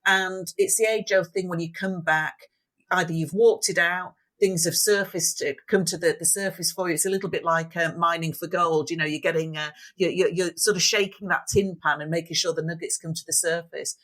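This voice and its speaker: A woman's voice: on the low side, steady tone, brisk, fairly bright tone. A woman speaking as a podcast guest, upbeat and motivational, explaining her ideas through examples. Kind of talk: interview conversation.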